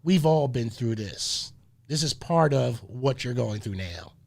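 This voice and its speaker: A man's voice: medium pitch, animated, unhurried, gravelly, a little mellow. A male radio host in a community conversation, preachy, who keeps repeating phrases and stopping to say hold on, wait a minute.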